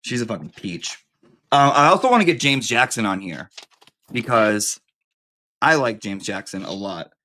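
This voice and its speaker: A man's voice: on the low side, very animated, normal speed, pauses often, sharp tone. Campy, profane man hosting a live stream. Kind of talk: casual live-stream chat.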